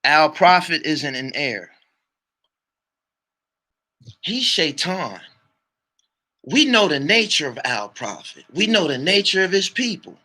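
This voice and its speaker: Animated storytelling man, lively high voice. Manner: animated storytelling, swears often, shouts when worked up; repeats "you dig what I'm saying". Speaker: channel host. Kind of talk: storytelling vlog monologue.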